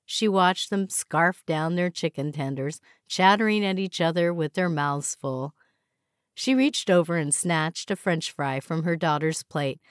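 A woman narrating an audiobook in a measured, even way. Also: low-pitched, no echo, clean studio sound. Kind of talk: scripted narration.

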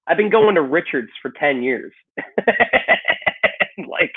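This Chicago-accented comedian, in the middle of moving cities, rambles through a laid-back podcast chat full of "you know" and curse words. He speaks slowly and animatedly in a slightly high, breathy voice, with faint music in the background and a thin, phone-like recording quality.

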